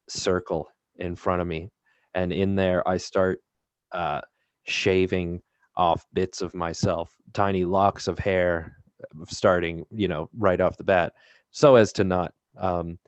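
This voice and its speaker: Male player, very deep and level, measured narration with fillers. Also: smooth, dry recording. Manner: deliberate, with fillers. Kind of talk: describing actions in a tabletop game.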